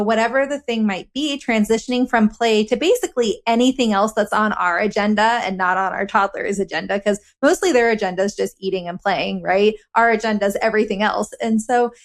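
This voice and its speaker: A woman's voice: mid-range voice, steady tone, fairly quick, few pauses. Woman guest telling a parenting story. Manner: warm practical storytelling with quoted dialogue. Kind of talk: casual conversational podcast chat.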